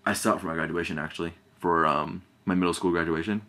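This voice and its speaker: A man's voice: deep voice, steady tone, quick pace, pushed and bright. A man giving a casual, rambling movie review, full of fillers and restarts and often giggling.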